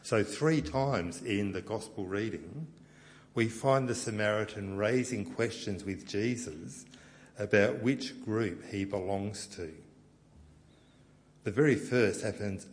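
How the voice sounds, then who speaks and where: A middle-aged Australian man delivering a sermon in a low voice. He talks in a loose, conversational way, full of little anecdotes. He often restarts a phrase as he goes. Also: takes it slowly. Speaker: pastor.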